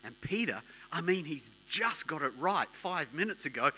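Bright-toned emphatic male preacher. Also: fairly high pitch, very animated, normal speed, a little hiss or hum. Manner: emphatic, repetitive, swings between hushed and loud. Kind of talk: sermon.

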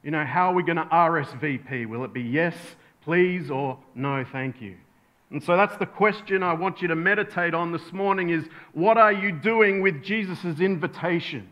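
A man's voice: on the high side, normal speed, dull audio. A male pastor preaching a sermon, telling a bedtime story and acting out the voices in it. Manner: storytelling, acts out voices in anecdotes.

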